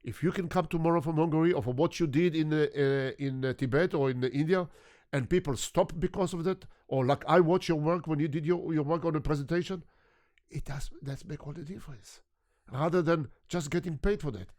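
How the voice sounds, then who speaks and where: Older guy from israel, ish english, earnest, kinda higher voice. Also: fairly quick, darkish tone. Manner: earnest, repeats words, non-native grammar. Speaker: guest photographer. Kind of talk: conversational interview storytelling.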